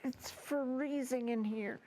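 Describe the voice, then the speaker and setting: A woman's voice: high voice, steady tone, slow, dark tone, a little hiss or hum. A woman making dry quips in casual backstage chat in a TV studio.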